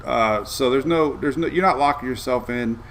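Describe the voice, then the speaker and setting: A man's voice: mid-range voice, normal speed, a little hiss or hum. Easygoing man hosting a casual weather chat. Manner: rambling, easygoing, excitable asides. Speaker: weather show host.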